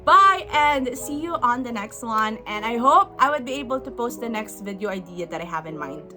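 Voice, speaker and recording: A woman's voice: a little high, lively intonation, moderate pace, music in the background. A young woman reviewing books in a casual vlog, effusive and emphatic, repeating words for stress. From Philippines. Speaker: book vlogger.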